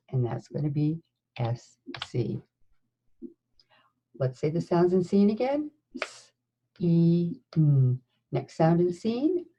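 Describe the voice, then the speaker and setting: A woman teacher leading a slow, encouraging phonics lesson, sounding out words letter by letter. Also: deep voice, mellow, highs cut off. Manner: encouraging, with praise and questions. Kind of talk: recorded classroom phonics lesson.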